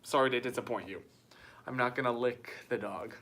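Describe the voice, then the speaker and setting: A man's voice: medium pitch, a little fast, a bit bright. Guy chatting on a phone live stream, jokey and self-deprecating, small bare room. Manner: reads viewer comments aloud. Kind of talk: casual live-stream chat. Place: small room with white walls.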